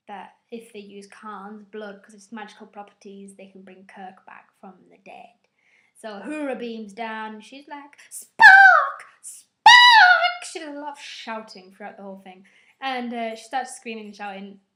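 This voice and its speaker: A woman giving a rambling, excitable spoken film review, full of "like" asides. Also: medium pitch. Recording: echoey room.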